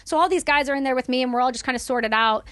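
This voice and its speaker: A young woman speaking as a podcast guest, telling a candid story in animated, fast bursts and swearing freely. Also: high voice, dry recording, studio quality.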